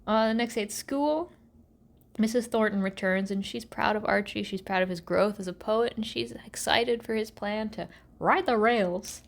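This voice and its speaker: A woman hosting a podcast, recapping episodes in a sarcastic, animated storytelling way and slipping into mock voices for the characters. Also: mid-range voice, normal speed, creaky. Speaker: podcast host.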